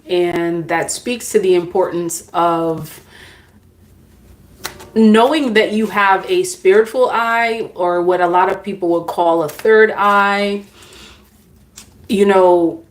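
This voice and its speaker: A woman tarot reader giving spiritual guidance, talking to her viewers in an unhurried, musing way and addressing them directly. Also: mid-range voice.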